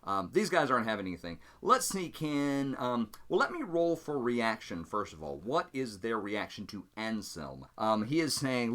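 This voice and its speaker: A man's voice: medium pitch, very animated, normal speed, few pauses, a bit bright. A man narrating a solo tabletop game as game master, thinking aloud and explaining his dice rolls.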